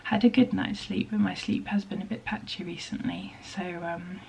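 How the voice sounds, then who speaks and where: A woman chatting casually in a home vlog about her sewing, speaking softly and often half-whispering, with many hesitant ums. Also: lowish voice, steady tone, normal speed, creaky, rough recording. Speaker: vlogger and maker of teddy bears. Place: home workspace at a sewing desk.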